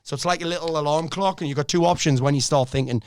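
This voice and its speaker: A middle-aged man, a life coach on a podcast, talking in a blunt, energetic way and swearing freely. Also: a little high, fast, clean tone. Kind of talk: casual podcast conversation.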